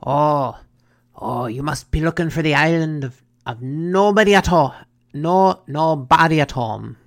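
A storyteller voicing a male bartender in an undersea bar, speaking in loud, blustery sailor talk. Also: medium pitch, unhurried, no room sound, clean studio sound, close to an everyday voice. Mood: helpful.

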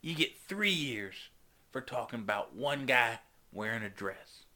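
A man's voice: medium pitch, animated, unhurried, bright, forceful tone. A man hosting a comedic call-in show, ranting sarcastically to his listeners. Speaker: radio call-in host.

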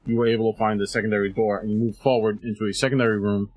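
A man's voice: lowish voice, level tone, rapid-fire, highs cut off. A man narrating as game master, describing scenes and explaining dice rolls patiently.

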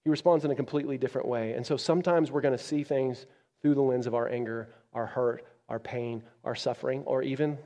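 A man preaching a sermon as a pastor, moving from loud, emphatic peaks down to quiet, low passages. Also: fairly even intonation, a little fast, long reverb tail. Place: church.

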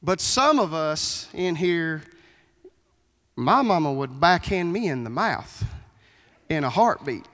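High-voiced preacher in a reverberant church. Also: male voice, expressive, slow pace, long pauses, fairly bright tone. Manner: folksy preaching with Southern phrasing. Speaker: pastor. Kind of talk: sermon. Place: church sanctuary. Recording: long hall reverb in a church.

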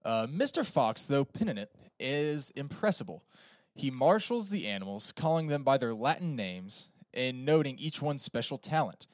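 A man's voice: medium pitch, big pitch swings, moderate pace, dry recording, clean studio sound. A man on a film podcast reading a plot summary and adding casual remarks with fillers. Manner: reads the plot steadily, with fillers when he ad-libs.

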